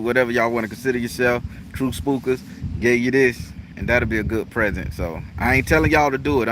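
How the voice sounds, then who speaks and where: Chatty man, mid-pitched and profane, vlogging outside with heavy ambient noise. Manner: loose, profane and chatty, laughs often. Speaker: spiritual practitioner and channel host. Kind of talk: casual vlog chat to viewers. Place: outdoors in a rural natural setting. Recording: loud outdoor noise.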